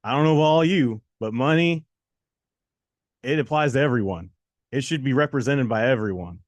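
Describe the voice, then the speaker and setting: Male co-host, casual pep talk, mid-pitched, dry close sound, lively storyteller who repeats for emphasis. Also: moderate pace, no room sound. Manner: animated storytelling, acts out quotes, repeats for emphasis. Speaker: co-host of a test-prep show.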